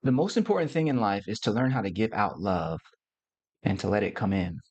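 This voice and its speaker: A man's voice: fairly low pitch, very animated, fairly quick, darkish tone. A middle-aged man hosting a casual livestream, talking to viewers in a loose, playful, slangy way. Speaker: host.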